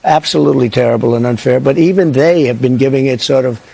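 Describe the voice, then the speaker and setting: Gravelly older man rambling bluntly. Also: mid-range voice, fast talker, mellow. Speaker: politician. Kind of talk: off-the-cuff press remarks.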